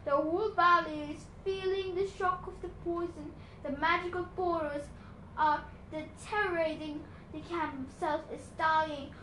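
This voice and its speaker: A woman reading as a grave, gentle centaur teacher. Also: very high-pitched, reverberant, a little hiss or hum, voice pushed up, poor audio.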